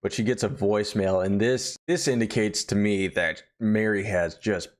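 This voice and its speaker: Young man, rambling casual review, profane jokes, fairly low voice. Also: moderate pace. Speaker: horror series reviewer.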